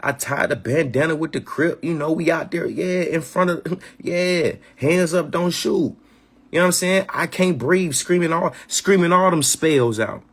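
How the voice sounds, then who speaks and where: A man with a fairly high, fairly bright voice hosts a live community gathering, talking at normal speed with hardly any pauses. His casual live-stream talk is passionate, full of slang, swearing and repeated phrases.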